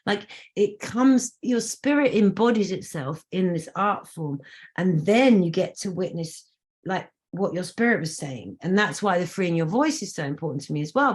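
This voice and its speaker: Chatty woman host on a video call. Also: fairly low pitch. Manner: enthusiastic, rambling, many restarts. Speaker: host and singer-songwriter. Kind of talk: casual interview chat.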